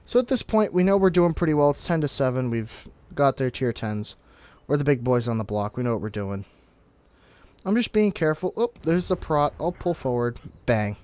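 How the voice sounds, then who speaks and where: A young man giving casual, explanatory commentary over his own gameplay, breaking into sudden excited outbursts now and then. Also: medium pitch, moderate pace. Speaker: gaming commentator.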